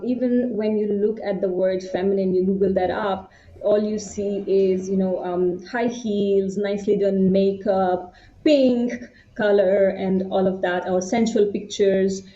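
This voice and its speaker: Interview guest: young woman from India, mellow, hesitant storyteller. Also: medium pitch. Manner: reflective, with hesitations. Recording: roomy, slightly muffled.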